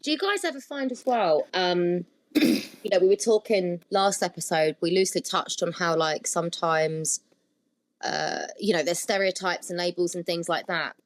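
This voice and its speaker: A woman hosting a casual podcast, steering the talk with measured questions to her guests. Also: on the low side. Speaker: podcast host.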